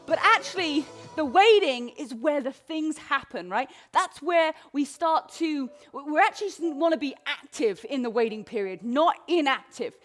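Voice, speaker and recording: A bright, high-pitched young woman coaching a workout and sounding a little winded as she moves along with it. She is upbeat and encouraging as she counts reps and gives cues. Soft music plays underneath. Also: expressive, measured pace, few pauses. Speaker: fitness instructor. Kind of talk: live workout instruction with motivational talk.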